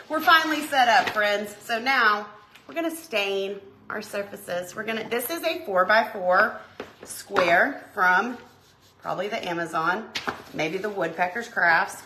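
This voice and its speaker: Middle-aged woman, bright and scattered, craft-stream host; recorded in an echoey room. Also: mid-range voice. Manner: chatty, scattered, talks to viewers by name. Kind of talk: casual crafting livestream chat. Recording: echoey room, faint background noise.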